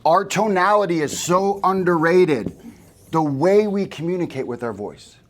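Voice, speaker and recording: In a live training session for sales agents, a man talks casually at a moderate pace, his high-sitting voice full of lively intonation. He keeps checking in with the group by asking them questions.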